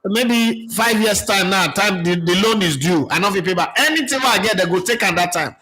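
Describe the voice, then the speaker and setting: Speaking fairly quickly in a voice that sits high, with a sharp tone and breathy edge, a Nigerian-accented man hosts a casual football stream over a rough recording. He's chatty, reads viewer comments aloud, and mixes Pidgin with English.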